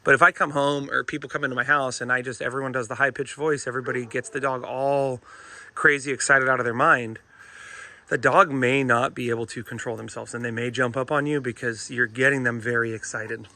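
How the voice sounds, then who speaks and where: Bright-voiced man explaining dog training. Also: medium pitch, fairly even intonation, fairly quick. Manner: chatty, emphatic, often says "folks". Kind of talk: casual instructional vlog.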